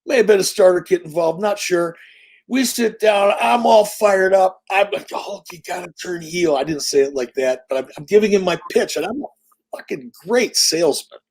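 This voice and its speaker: A sixty-something interview guest tells casual, animated stories with punch and a fair amount of swearing. He speaks at a moderate pace, his voice sitting high.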